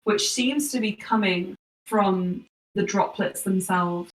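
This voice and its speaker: A woman's voice: medium pitch, slow pace, far from the mic. A woman narrating a tabletop game as game master, describing scenes with lots of fillers. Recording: echoey room, voice from off-mic.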